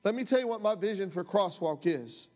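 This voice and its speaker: A man's voice: sits high, lively intonation, fairly quick. A man preaching a sermon as pastor, folksy and impassioned, rising to heated outbursts. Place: church sanctuary. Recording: long hall reverb.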